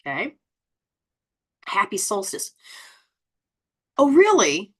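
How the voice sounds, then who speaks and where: A woman hosting a spiritual live stream, reading viewer comments and coaching them in a lively, exclaiming, rambling way. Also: mid-range voice, slow, husky. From Southern Hemisphere. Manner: animated, exclaims and laughs often. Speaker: host.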